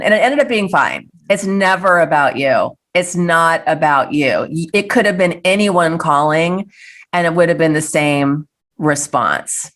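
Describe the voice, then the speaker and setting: A woman's voice: low-pitched, lively intonation, a little slow, a bit bright. A middle-aged woman speaking as a guest in a casual interview, earnest and reflective, often restarting her sentences. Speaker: guest, filmmaker.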